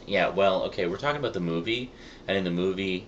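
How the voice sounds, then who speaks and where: Deep-voiced man hosting a review vlog. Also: animated, moderate pace, bright, forceful tone, a little hiss or hum. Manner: wry, chatty, rambling asides. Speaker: video reviewer, show host. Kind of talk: casual review chat.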